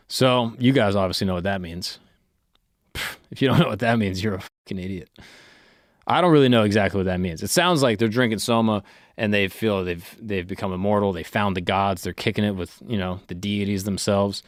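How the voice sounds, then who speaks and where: Low-voiced joking man, dry sound. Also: brisk, no echo. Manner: irreverent, joking asides between reading. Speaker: podcast host. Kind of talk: comedic history podcast.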